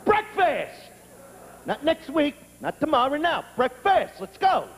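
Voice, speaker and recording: A man voicing a bossy, foul-mouthed little boy who makes loud demands and shouts. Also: very high voice, very animated, a little slow, exaggerated voice. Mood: demanding. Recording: echoey hall with clear noise.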